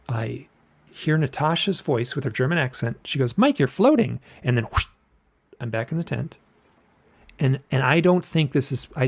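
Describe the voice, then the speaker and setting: Middle-aged man, gravelly tone, loose repetitive storytelling, casual podcast guest. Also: mid-range voice. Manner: rambling, repeats phrases, acts out quotes. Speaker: podcast guest recounting an experience.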